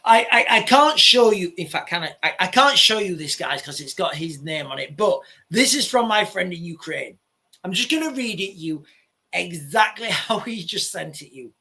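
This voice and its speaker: A man talks casually to his viewers in a fairly high, bright voice. He circles back and restarts his sentences as he goes. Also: animated, normal speed. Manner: rambling, with frequent restarts. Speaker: vlogger. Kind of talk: casual chat to camera.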